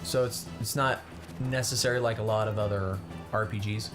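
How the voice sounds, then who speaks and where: Over background music, a gaming channel's co-host and player talks through the game's systems in a casual let's-play, his voice fairly low and his pace moderate. He's relaxed and explanatory, dropping plenty of ums and uhs.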